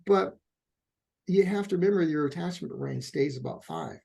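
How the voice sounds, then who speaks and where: A middle-aged man speaks as a couples therapist in a relaxed interview, his voice gravelly and a little husky. He is a lively storyteller who slips into the voices of the people he quotes. His tone sits on the darker, mellow side. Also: sits high, moderate pace. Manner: animated storyteller, acts out quotes. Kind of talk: conversational interview answer.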